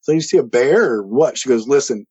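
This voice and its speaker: A man telling his paranormal experience in a casual, animated way, acting out what people said, with frequent restarts. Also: mid-range voice, fairly quick, slightly rough, lo-fi sound. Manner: animated, quotes others and himself, many restarts. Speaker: guest telling a paranormal story. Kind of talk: casual storytelling.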